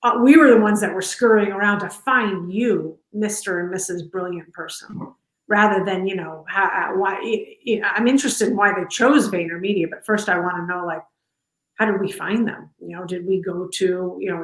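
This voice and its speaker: A woman's voice: medium pitch, moderate pace. Chatty woman in an echoey room. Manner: chatty, warm, many fillers and restarts. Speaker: company culture executive, interview guest. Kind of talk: casual interview conversation. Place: home, on a video call.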